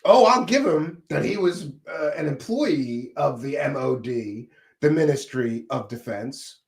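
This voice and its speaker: A man hosting a live commentary stream, mocking and combative, jumping between shouting and muttering. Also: on the high side, lively intonation, measured pace, gravelly, roomy sound. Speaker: commentary show host.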